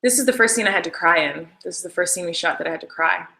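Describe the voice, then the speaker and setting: A woman's voice: lowish voice, rapid-fire, vocal fry, pushed and bright, rough recording. A young woman casually chatting about filming her show, rambling with lots of "like"s. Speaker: actress commenting on her show. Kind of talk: casual behind-the-scenes commentary.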